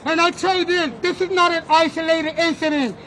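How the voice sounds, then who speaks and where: A man giving an impassioned speech at an outdoor street rally, with halting restarts. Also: very high-pitched, flat delivery, sharp tone, low-quality recording. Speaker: protest speaker. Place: outdoor city street march. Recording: live street feed amid crowd noise. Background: crowd and street noise.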